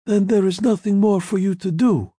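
A man voicing a short, heavy, aging crime boss with a slight Italian accent, speaking in a slow, grave, formal way. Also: high-pitched, mellow, slightly rough, no room sound, studio quality, pitched above the performer's own voice.

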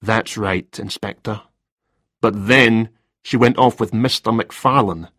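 Flustered freelance writer, hesitant and rambling, low husky voice, read by a man. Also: slow, a bit bright, no echo, clean studio sound. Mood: subdued.

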